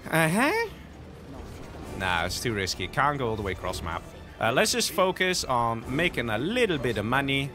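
Animated man commentating a game. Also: medium pitch. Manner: animated, self-mocking, laughs often. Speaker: game streamer. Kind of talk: casual gameplay commentary. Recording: faint game music behind.

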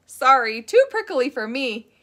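A woman voicing a small young owl looking for a new home, in a gentle, polite storybook voice. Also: sits high, sing-song, measured pace, voice pushed down, exaggerated voice.

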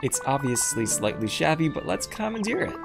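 A man's voice: a little high, big pitch swings, brisk, gravelly, pitched above the performer's own voice. A man voicing a dry-witted, elegant deer woman in a video game, speaking in a wry, composed and slightly posh way. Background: game music.

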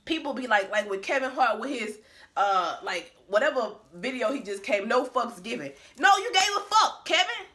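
A woman rants to her camera in a casual, profane way, hammering each point home bluntly. Her voice sits a little high and sounds bright and forceful. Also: big pitch swings, normal speed. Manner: profane, blunt and emphatic, laughing between points. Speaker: vlogger.

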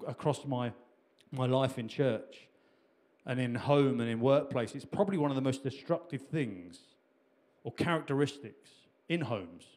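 A man's voice: mid-range voice, mellow. A middle-aged man preaching a sermon in a conversational way, with repetitions and restarts. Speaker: pastor.

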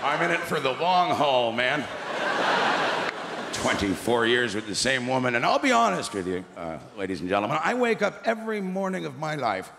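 Gravelly ranting middle-aged stand-up man. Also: mid-range voice, normal speed, heavy background noise. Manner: gruff, ranting, deadpan asides. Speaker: stand-up comedian. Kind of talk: stand-up comedy. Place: large theatre stage. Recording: echoey theatre with loud laughing crowd.

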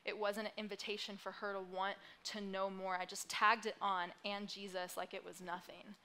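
A woman's voice: mid-range voice, little pitch movement, normal speed, bright, forceful tone. A young woman in her twenties giving a sermon from a church stage in a conversational, self-deprecating way with light laughs. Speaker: pastor.

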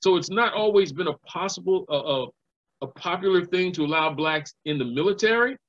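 A man's voice: high-pitched, lively intonation, brisk, fairly bright tone, dull audio. A man, a living historian and educator, giving a recorded history lecture and telling stories, acting out the voices of people he quotes.

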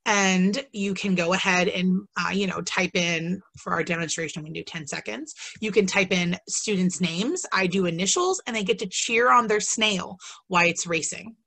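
This female teacher's voice sits on the low side, gravelly and a bit bright, moving at normal speed with hardly any pauses. She has the hiccups while presenting a relaxed instructional webinar in an enthusiastic, talkative style with plenty of ums and asides.

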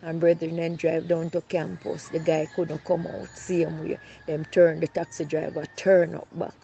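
A Jamaican woman gives her eyewitness account in a mellow, gravelly voice that stays fairly level in pitch. She tells it plainly, drifting into patois as she goes. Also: flat delivery, normal speed, highs cut off, slight background noise. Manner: storytelling, slipping into patois. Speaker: robbery witness.

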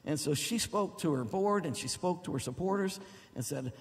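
A man's voice: fairly high pitch, animated, normal speed. A middle-aged man preaching a sermon as pastor, exuberant and at times whooping. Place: large church hall. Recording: long reverb of a church hall.

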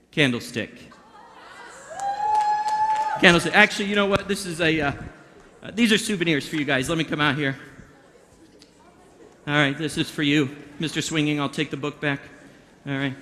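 A man's voice: on the high side, steady tone, normal speed, pauses often, sharp tone, a little hiss or hum. A man performing a mind-reading act for a youth audience, chatting playfully and directing volunteers. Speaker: magician performing for a youth group. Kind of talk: interactive stage patter. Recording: long hall reverb.

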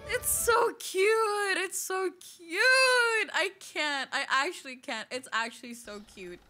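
A woman's voice: mid-range voice, bright, forceful tone, a little hiss or hum. A woman streaming a game, chatting casually with her chat, swearing often and breaking into squealing laughs.

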